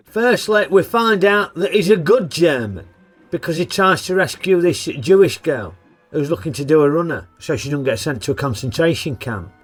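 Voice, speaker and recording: A man's voice: fairly high pitch, a bit bright. A man narrating a comic film review in a cheeky, sarcastic, colloquial way.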